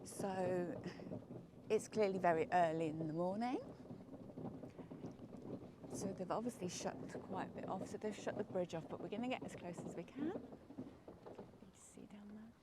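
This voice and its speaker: English woman, wheelchair vlogger, chatty and relaxed, noisy outdoor camera audio. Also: medium pitch, normal speed, pauses often. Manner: chatty, often drops to a murmur. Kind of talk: casual outdoor vlog narration. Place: outdoors on a quiet clifftop.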